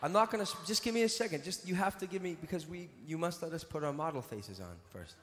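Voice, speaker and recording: A man's voice: a little high, lively intonation, fast, noisy background. A man on stage teasing a live audience in a playful, mock-indignant way. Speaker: comedic performer on stage. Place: large venue on stage. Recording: echoey hall, live room ambience.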